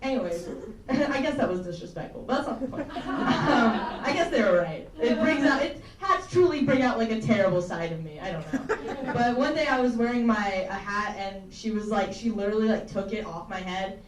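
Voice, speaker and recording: Speaking at a normal pace in a slightly high, animated voice, this young Tennessee comic rambles through self-deprecating, profanity-laced material before a small live audience. The crowd is audible behind her in the campus comedy room, and the distant mic captures a roomy, faintly ambient sound.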